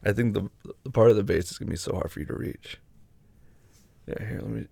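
A young man in intimate audio role-play, talking in a low murmur that often drops to a breathy whisper, close to the mic. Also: quick pace, long pauses, mellow. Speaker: adult audio performer.

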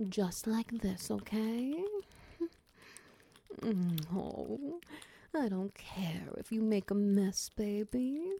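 A woman in a whispered role-play, voicing a large, doting, protective lover who coos, teases softly and slips into whispers. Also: mid-range voice, vocal fry, dry recording. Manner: slow, soft, cooing and teasing, drifting into whispers. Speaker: voice actor in audio role-play.

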